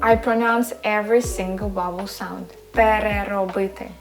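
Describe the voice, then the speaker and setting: A woman with a Ukrainian accent leads a language lesson at an unhurried pace. She speaks at a mid pitch and sounds out each syllable slowly before blending them into words. Music plays clearly behind her. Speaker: language teacher. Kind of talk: slow, patient language lesson.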